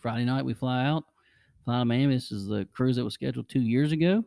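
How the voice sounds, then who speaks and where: A man's voice: medium pitch, quick pace, creaky, warm tone, dry recording, clean studio sound. A man hosting a podcast, rambling casually through travel stories and chuckling often. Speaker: podcast host. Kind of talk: casual chat.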